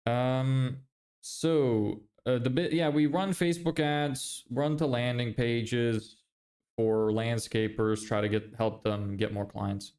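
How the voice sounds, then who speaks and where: A young man talks loosely to his viewers on a livestream. His pitch sits in the middle range for a man. He swears freely and laughs often. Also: fairly even intonation, slow pace, a little mellow. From Ireland. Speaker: livestreamer and agency owner. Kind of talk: casual livestream chat reading viewer messages.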